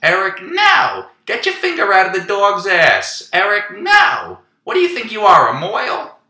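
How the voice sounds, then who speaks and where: A man putting on the shrill, shrieking voice of a mother scolding her mischievous son. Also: huge pitch swings, measured pace, bright, forceful tone, reverberant, exaggerated voice.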